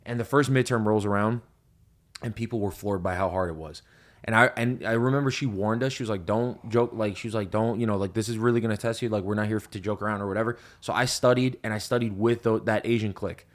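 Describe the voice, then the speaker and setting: A young man hosting a podcast, telling stories in casual chat with lots of swearing and loud laughs at his own punchlines. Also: fairly low pitch, quick pace. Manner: profane, animated storyteller, laughs loudly at punchlines. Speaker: podcast host.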